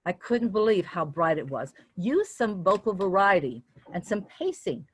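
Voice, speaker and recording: An older woman giving an instructional talk on public speaking as a guest speaker, deliberately varying her pitch and loudness as she goes. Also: expressive, husky, dry recording.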